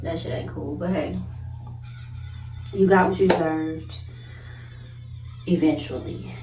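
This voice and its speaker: Animated, cussing young woman telling a story. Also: deep voice, slow pace, pauses often, background noise. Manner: animated, swearing, laughing, acts out others' voices. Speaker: vlogger. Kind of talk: casual storytime vlog. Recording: echoey room, mic at a distance.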